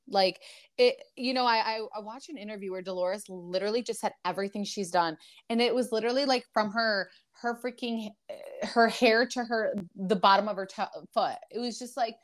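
At a normal speed and medium pitch, a young woman co-hosting a podcast talks through a casual recap, rambling and peppering her speech with fillers and restarted sentences.

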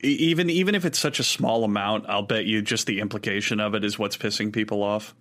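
A man's voice: on the low side, fast, a bit bright. A man co-hosting a casual podcast who stammers through restarts and swears often. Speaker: podcast co-host. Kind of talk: casual group banter.

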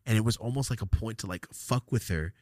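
A man's voice: lowish voice, fast, darkish tone, dry recording, studio quality. A man in his thirties from California, a podcast host telling a rambling, profane story in casual chat.

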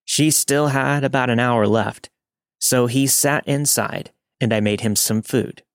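A man narrating a first-person story in a steady, matter-of-fact way. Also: mid-range voice, unhurried, no room sound, studio quality.

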